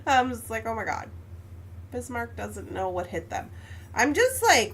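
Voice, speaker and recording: Animated, exasperated woman telling a story. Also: a little high, normal speed, a little hiss or hum. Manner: animated, exasperated, laughs often. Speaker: live stream host. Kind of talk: casual storytelling chat.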